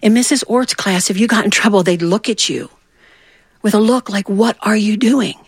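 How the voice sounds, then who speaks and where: A woman telling a personal story in an animated way, acting out the voices of the people in it. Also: medium pitch, normal speed, slightly rough, no echo.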